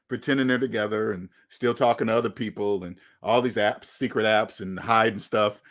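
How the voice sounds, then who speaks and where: A man, hosting his own channel and giving blunt, emphatic advice in a candid monologue, often repeating phrases for stress. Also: a little high. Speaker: channel host.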